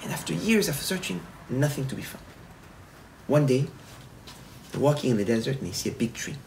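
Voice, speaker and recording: A man, a rabbi, telling a parable in a sermon, animated, repeating phrases and restarting often. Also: mid-range voice, brisk, vocal fry, a little hiss or hum, rough recording. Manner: animated, repetitive, frequent restarts. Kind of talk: storytelling sermon.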